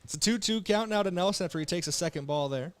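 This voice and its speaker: A young man from South Dakota calling baseball play-by-play with relaxed, joking banter between pitches while fighting the hiccups. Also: quick pace, slight background noise. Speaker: play-by-play announcer.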